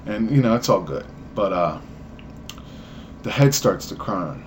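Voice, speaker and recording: A young man vlogging at home, telling a story with animated delivery and acted-out voices. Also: measured pace, slight background noise. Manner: animated, acts out voices, jumps high in pitch for emphasis.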